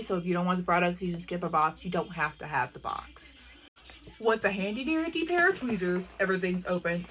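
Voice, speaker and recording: A young adult woman chatting excitedly as a makeup vlogger, full of asides and "like". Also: mid-range voice. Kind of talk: casual unboxing chat.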